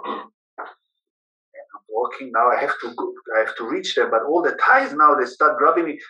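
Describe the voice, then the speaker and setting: Man recounting his past in halting English, bright tense voice, echoey room, mic set away. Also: mid-range voice, animated, distant mic. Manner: emotional, halting, with broken English grammar. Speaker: former prisoner telling his story. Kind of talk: personal storytelling.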